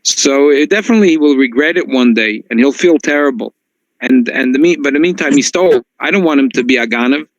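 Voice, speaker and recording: A man who is a rabbi, telling a story in a class. He talks in an animated way, often restarting his sentences and slipping in Yiddish and Hebrew phrases. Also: medium pitch, quick pace, no room sound, dull audio.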